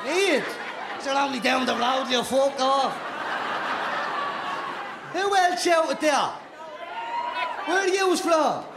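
A man's voice: very high voice, animated, slow pace, gravelly, long pauses. A man with a Dublin Irish accent co-hosting a live comedy podcast, teasing the audience with cheeky, swearing banter. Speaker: podcast co-host. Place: stage of a live show in a theater. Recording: echoey live venue with a noisy crowd.

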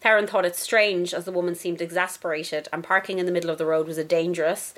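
A woman's voice: fairly low pitch, steady tone, quick pace, a bit bright. A woman co-hosting a podcast, reading a case from notes with giggly asides. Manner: giggly, loose, reads from notes. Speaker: podcast co-host. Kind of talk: casual chat and story narration.

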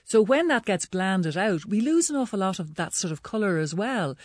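A woman's voice: mid-range voice, sing-song, moderate pace, dry recording. A woman with a Dublin accent, a guest on a radio panel, talking in a chatty way with lots of fillers. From Dublin, Ireland. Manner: chatty, many "you know" fillers.

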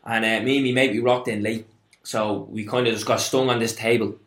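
A young Dublin man talks quickly and swears freely as he tells a story. He acts out both sides of a conversation. His voice bounces around a roomy, echoey space. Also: mid-range voice, steady tone, a bit bright. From Ireland. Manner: storytelling with heavy swearing, acting out dialogue. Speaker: podcast co-host. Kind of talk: casual chat.

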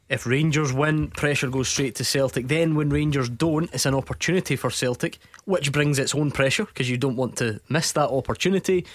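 A man hosting a sports radio phone-in, briskly prompting listeners with questions. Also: medium pitch, no echo, studio quality. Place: radio studio.

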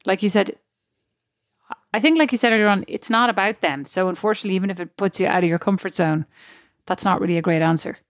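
A woman's voice: mid-range voice, quick pace, dry recording. A chatty woman in her thirties co-hosts a podcast in a casual conversation. Her voice sits mid-range and is recorded close and dry, with almost no room sound. She tells anecdotes and laughs at herself often. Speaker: podcast co-host. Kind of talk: casual chat.

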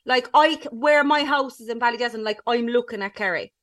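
Cork Irish woman, podcast co-host, chatty and animated, voice a bit high and off-mic. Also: a little fast, far from the mic. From Ireland, Cork. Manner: chatty, animated storytelling with frequent "like". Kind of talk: casual chat.

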